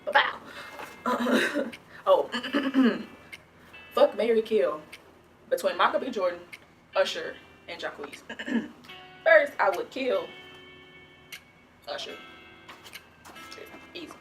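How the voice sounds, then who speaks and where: A woman's voice: medium pitch, animated, takes it slowly, pauses often, faint music behind. A young woman from the American South answering viewer questions in a chatty, rambling vlog, full of restarts and "like". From Southern United States. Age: young adult. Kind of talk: casual Q&A vlog.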